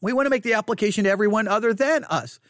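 Pastor preaching from the pulpit, animated and emphatic, dry close sound. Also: mid-range voice, racing, no echo. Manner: animated, rising to indignant emphasis. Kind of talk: sermon.

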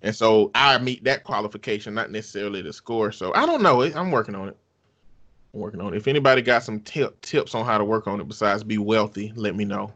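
A man's voice: on the low side, fast talker, a bit bright, muffled recording. A man hosting a podcast in casual chat, laid-back and joking, often laughing. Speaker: podcast host.

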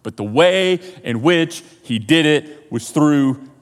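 High-pitched guy preaching, acting out little scenes, big reverby church sound. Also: takes it slowly. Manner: animated, acts out Bible scenes in quoted voices. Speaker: pastor. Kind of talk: sermon. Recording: long hall reverb.

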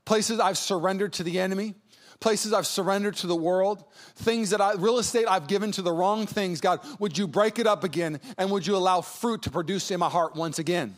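A male pastor giving an energetic sermon, joking in asides and building to fervent calls to prayer. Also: high-pitched, a little fast. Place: church service.

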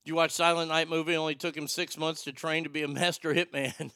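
A man's voice: on the high side, flat delivery, fast, sharp tone, clean tone, no echo, studio quality. Irreverent joking male host. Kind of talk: casual comedic banter.

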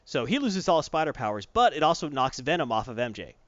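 A man's voice: mid-range voice, very animated, fast talker, a bit bright, dry recording, muffled recording. A man in casual chat, recapping a comic book plot with mocking put-on voices for the characters. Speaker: comic book podcast co-host.

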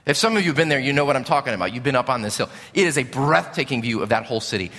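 Male pastor, lively storytelling sermon, bright voice, big church reverb. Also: medium pitch, rapid-fire. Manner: animated storytelling, rising and falling. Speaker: preacher. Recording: long reverb of a large hall.

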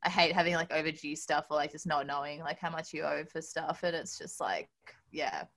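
Low-voiced aussie woman, lots of ums, casual podcast talk. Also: brisk, fairly bright tone. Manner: hesitant, many ums and trailing thoughts. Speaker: podcast co-host. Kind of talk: casual chat.

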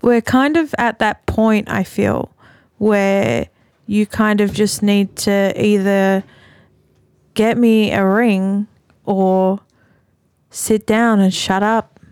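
A woman's voice: medium pitch, steady tone, slow pace, a little mellow, clean tone, dry recording, clean studio sound. A woman co-hosting a casual podcast, teasing and giggly.

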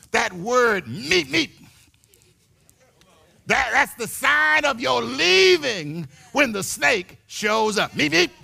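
A man preaching a sermon in a church, animated, building to shouts and repeating his words. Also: extremely high pitch, gravelly. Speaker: pastor.

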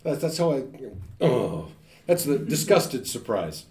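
A man giving a linguistics talk, animated and joking, often imitating sounds and voices. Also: mid-range voice, a little slow, creaky. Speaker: linguistics lecturer. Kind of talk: academic talk. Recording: echoey room.

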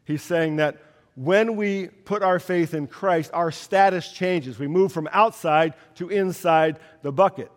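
A man preaching a sermon as pastor, slow and emphatic with dramatic pauses. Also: on the high side, big-room sound.

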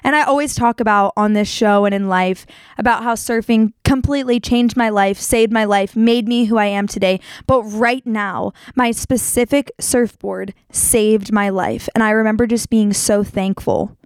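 A young woman hosting a show, telling a personal story in a casual, animated way and leaping up in pitch when she acts out what people said. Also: moderate pace, few pauses, clear, resonant tone, dry recording. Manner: animated, jumps to high pitch acting out quotes. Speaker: podcast host.

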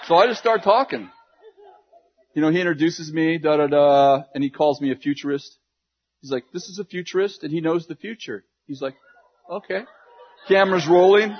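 A man's voice: a little high, moderate pace, dull audio, a little hiss or hum. A man preaching, telling a humorous, self-deprecating story with lots of restarts and quoted dialogue. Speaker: pastor. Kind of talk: sermon storytelling.

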